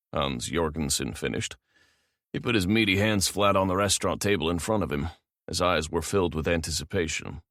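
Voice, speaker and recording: A man narrating a romance audiobook in a calm, measured manner. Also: rumbling low, creaky, no echo, clean studio sound.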